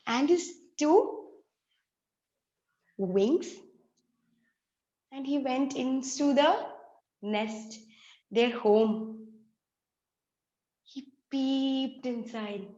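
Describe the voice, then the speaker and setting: A woman telling a story to children and leading them in actions, speaking in an animated, sing-song way and talking to them directly. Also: high voice. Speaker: children's storyteller and activity leader. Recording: echoey room, dull lo-fi sound.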